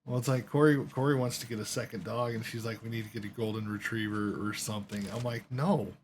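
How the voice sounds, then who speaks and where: A man's voice: fairly low pitch, little pitch movement, quick pace, slight background noise. A man telling a long story while playing a game, rambling along with lots of swearing and quoted voices. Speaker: gaming streamer.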